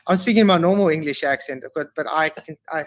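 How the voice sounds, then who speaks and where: A South African man whose first language is Afrikaans, a guest in a casual interview, speaking haltingly with many restarts and fillers. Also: on the high side.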